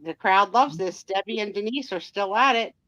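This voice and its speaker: A woman's voice: medium pitch, normal speed, sharp tone, dry recording, highs cut off. Chatty woman calling live auction bids. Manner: chatty, runs the bidding and teases viewers. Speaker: live sale co-host. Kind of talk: live sale chat.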